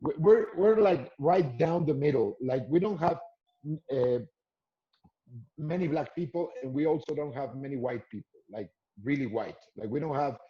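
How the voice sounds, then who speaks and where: A man's voice: a little high, normal speed, dull audio. A man from Mexico, a comedian guest, rambling through casual chat with lots of fillers.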